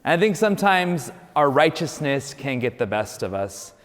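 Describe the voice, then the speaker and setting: A man, a Catholic priest, preaching a homily in a relaxed, storytelling way, often adding "you know". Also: fairly high pitch, normal speed, long reverb tail.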